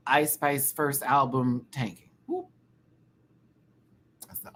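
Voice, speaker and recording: A man casually reviewing a show live, animated and campy, often laughing and singing bits. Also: mid-range voice, slow pace, a little hiss or hum. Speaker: YouTube reviewer.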